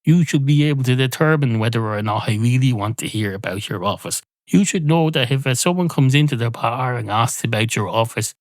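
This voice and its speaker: A man's voice: mid-range voice, brisk, hardly any pauses, dry recording, lightly acted. A sardonic talking cat propping up a bar, put on by a man. It speaks in a dry, blunt, contrary way, close to an everyday voice. The recording is dry and close, with no room sound.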